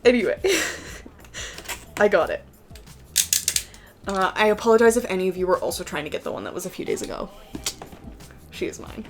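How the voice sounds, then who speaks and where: Young woman gushing over her figure collection at home, excitable, says like constantly. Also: on the low side, a little fast, vocal fry, long pauses, background noise. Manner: excitable and chatty, heavy use of "like". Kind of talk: casual unboxing chat. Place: home room with a PC.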